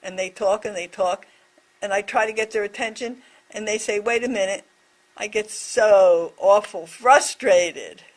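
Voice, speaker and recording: A woman voicing a deaf presenter's signed reflection on a scripture story, speaking in short, measured phrases. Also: mid-range voice.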